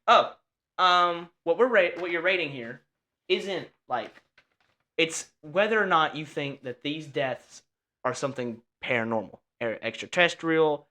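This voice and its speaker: A young man hosting a podcast with his father, earnest and easily flustered, talking in quick bursts. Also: a little high, expressive, sharp tone. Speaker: podcast host, son. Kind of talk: casual chat.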